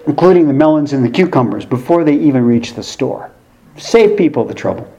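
A man's voice: medium pitch, expressive, a little fast, gravelly, mellow, a little hiss or hum, poor audio. A man in his sixties, a pastor, giving a sermon through a wry, conversational personal story.

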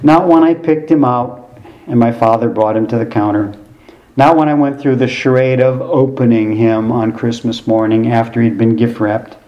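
A man's voice: mid-range voice, fairly even intonation, moderate pace, a little mellow, dull audio. A man in his sixties, a pastor, giving a sermon through a wry, conversational personal story.

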